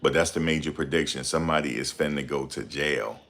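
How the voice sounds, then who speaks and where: Low-voiced man ranting on a livestream. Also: brisk, creaky. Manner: heated ranting with sudden loud outbursts; repeats phrases for emphasis. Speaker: livestream host. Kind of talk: casual livestream chat reading comments.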